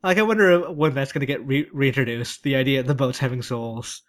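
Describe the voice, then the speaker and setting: A man's voice: mid-range voice, fairly quick. A man co-hosting a casual chat, recapping loosely and joking with his friends. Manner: relaxed, joking, loose storytelling. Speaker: podcast co-host.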